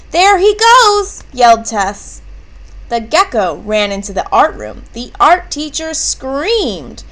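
Woman narrator for a kids' picture book, high and animated, unhurried. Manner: expressive, character voices with excited shouts. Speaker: reader. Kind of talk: children's book read-aloud.

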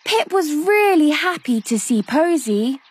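A woman reading a children's bedtime story aloud in a slow, expressive, sing-song way. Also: high-pitched, dry recording. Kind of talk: scripted bedtime story narration.

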